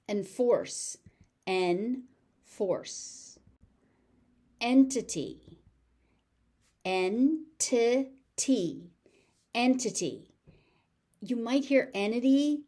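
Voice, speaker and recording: A woman with an American accent teaching pronunciation, saying each word several times in a slow, careful drill. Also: medium pitch, darkish tone. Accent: General American. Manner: repeats each word slowly, syllable by syllable.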